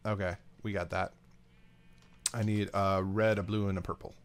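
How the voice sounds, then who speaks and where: Excitable man narrating his gameplay. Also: low-pitched, moderate pace, clean tone. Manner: excitable, rambling, talks to game items. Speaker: let's play host. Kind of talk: casual gameplay commentary.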